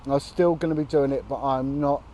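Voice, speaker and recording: A man sits outdoors on a bench and speaks to camera in an earnest, indignant way, swearing bluntly now and then. His voice is mellow and dark, and faint traffic hum sits behind him. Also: medium pitch, fairly even intonation, a little fast. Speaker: vlogger on a long charity walk. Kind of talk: casual outdoor chat to camera. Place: outdoors, sitting on a bench by a road.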